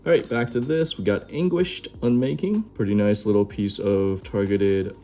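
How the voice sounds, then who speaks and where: Man, young adult, unboxing host, casual chat, enthusiastic, lowish voice, faint background music. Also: normal speed. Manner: relaxed, chatty, enthusiastic. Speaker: card-opening host.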